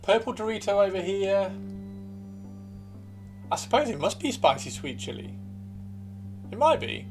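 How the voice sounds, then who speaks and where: A man's voice: sits high, big pitch swings, a little slow, pauses often, over music. A man hosting a casual livestream, reading out viewer comments, playful and chatty, swearing freely and repeating himself. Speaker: livestream host.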